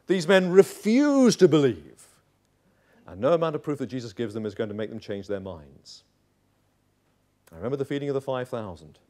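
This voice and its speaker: A male pastor preaching an evening sermon in a chapel, swinging from loud declarations to hushed asides. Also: fairly high pitch. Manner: animated preacher, drops to hushed tones for quoted voices.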